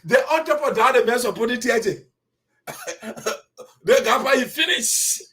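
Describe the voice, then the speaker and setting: Animated high-voiced Liberian man. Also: normal speed. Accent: Liberian English. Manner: animated, laughing, indignant asides. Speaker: host of diaspora community show. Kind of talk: casual commentary.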